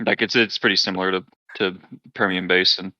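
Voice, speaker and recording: Low-voiced Texan man with a drawl. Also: flat delivery, fairly quick, pushed and bright. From Texas. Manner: blunt and profane, with a dry laugh. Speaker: podcast co-host. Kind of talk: casual chat. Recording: dull lo-fi podcast audio.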